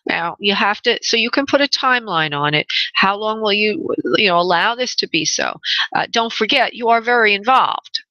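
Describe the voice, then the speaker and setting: Gravelly New woman giving readings. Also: mid-range voice, expressive, normal speed, sharp tone, no room sound, muffled recording. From New York. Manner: motherly, calls callers honey, direct and firm. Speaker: radio show host and spirit medium. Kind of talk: call-in radio reading.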